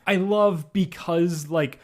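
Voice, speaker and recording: A man talks casually on a podcast, his voice sitting a little high for a man. He rambles and restarts his sentences in an animated way. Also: slow pace. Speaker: podcast co-host. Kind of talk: casual chat reviewing an audio drama.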